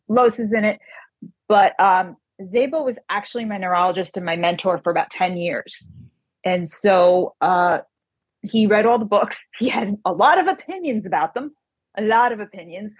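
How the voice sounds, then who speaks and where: A woman author telling an animated personal anecdote in casual chat, quoting the people in it. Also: mid-range voice, moderate pace, breathy edge, no room sound, dull audio.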